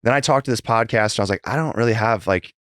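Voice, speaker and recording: Talking fast in a lowish, slightly bright voice, a man in his thirties guests on a podcast and tells his story casually. He rambles, restarts often, and reenacts remembered conversations, with studio-quality sound and no room echo.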